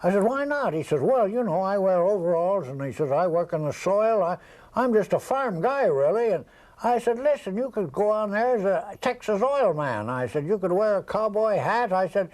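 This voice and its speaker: In a low-quality recording, an older interviewee rambles through a lengthy, casual anecdote, performing the voices of the other characters himself. His voice is high-pitched, expressive and a little mellow, and he keeps a moderate pace.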